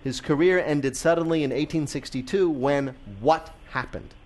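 A man's voice: fairly high pitch, moderate pace, a little mellow. Playful man hosting a radio quiz. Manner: laughs often, reads questions playfully. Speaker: quiz show host.

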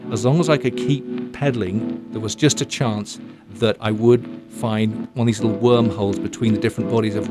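A middle-aged man recounting an ocean voyage in a reflective, halting way, often restarting words. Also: lowish voice. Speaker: ocean adventurer. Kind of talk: recounting a story in an interview.

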